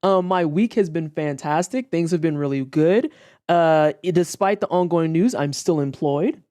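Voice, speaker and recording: A young woman streamer from the Saint Louis area, chatting casually and swearing freely, acting out quotes in high voices. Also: moderate pace, dark tone. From Saint Louis area, United States. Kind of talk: casual chat on a livestream.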